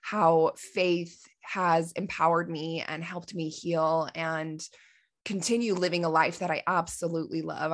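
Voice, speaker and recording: A woman in her forties, a life coach hosting her own podcast, telling a personal story in an earnest, heartfelt way, with pauses and fillers. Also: sits low. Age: 40s.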